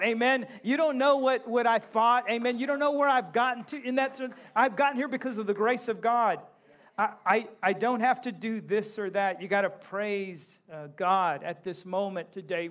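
High-voiced impassioned preacher. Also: male voice. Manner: impassioned, shouting in bursts, joking asides. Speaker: pastor. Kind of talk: sermon. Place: church sanctuary.

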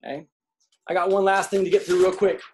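A man giving a motivational talk to an audience, telling comic stories and acting out quotes in an animated way. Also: high voice, fast, slight background noise. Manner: animated storyteller, acts out quotes. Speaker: speaker.

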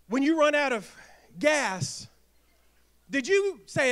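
A man preaching a sermon in a church, energetic, asking the congregation questions and acting out little quips. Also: extremely high pitch, normal speed. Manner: energetic, asks the crowd questions and acts out quips. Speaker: pastor. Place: church sanctuary.

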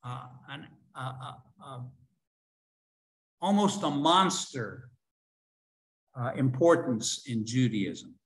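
An older man teaching a religion class online, lecturing with many fillers, restarts and pauses. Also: medium pitch, animated, low-quality recording.

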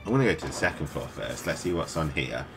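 A man's voice: extremely low pitch, lively intonation, fast, fairly bright tone. A tired British man from the UK, rambling to himself in casual gameplay commentary as a let's play host. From United Kingdom. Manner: rambling, mutters to himself while playing. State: tired, up at night. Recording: game music playing behind.

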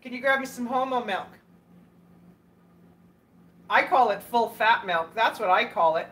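A woman's voice: on the high side, animated, a little slow, a bit bright. A Canadian woman chatting casually with viewers while cooking, laughing often and greeting people by name. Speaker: cooking livestream host.

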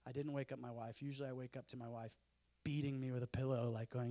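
A man's voice: medium pitch, fast. A man, giving a conference talk full of self-deprecating humorous stories. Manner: animated, self-deprecating storyteller. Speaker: speaker. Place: conference stage.

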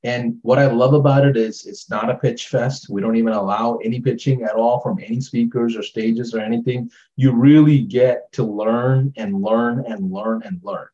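A man's voice: medium pitch, steady tone, moderate pace, few pauses, mellow, dull audio. A man co-hosting an online workshop, talking in a casual, upbeat way and often saying "like". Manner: casual, upbeat, says "like" a lot. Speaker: workshop co-host. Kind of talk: webinar chat.

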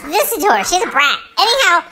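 A woman's voice: very high voice, sing-song, fast, sharp tone, heavily acted. A woman voicing a sassy, pampered female French bulldog, telling a gossipy story with many ums. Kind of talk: storytelling pet vlog.

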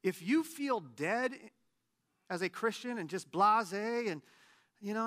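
A man in his late thirties, a pastor giving a conversational sermon with animated, self-deprecating humor. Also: sits high, measured pace. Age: late 30s.

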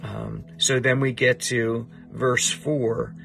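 A man's voice: medium pitch, steady tone, slow pace, creaky, a bit bright, soft background music. Emphatic man teaching scripture. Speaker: Bible study teacher. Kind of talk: Bible teaching with a student.

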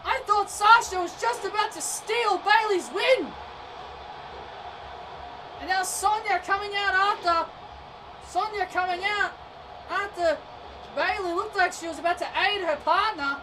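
A woman doing excitable play-by-play wrestling commentary over a video game, often shouting and tripping over her words. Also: extremely high pitch, unhurried. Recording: distant mic with noisy background.

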